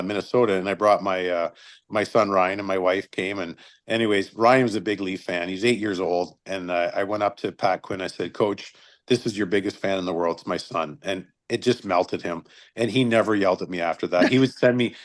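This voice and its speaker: A man in his fifties, a retired hockey linesman, telling stories casually and acting out the quotes. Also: fairly low pitch. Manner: animated storyteller, acts out quotes. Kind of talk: casual storytelling.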